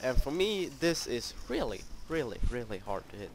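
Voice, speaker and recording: A man's voice: mid-range voice, big pitch swings, moderate pace. A young man giving live commentary over his own gameplay, frustrated, swearing and mocking his own skill in rambling talk.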